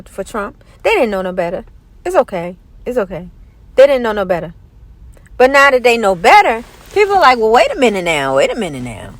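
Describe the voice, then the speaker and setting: A woman's voice: fairly high pitch, no room sound. A woman vlogger giving casual opinion commentary in a light, scratchy voice. She talks emphatically and acts out other people's lines.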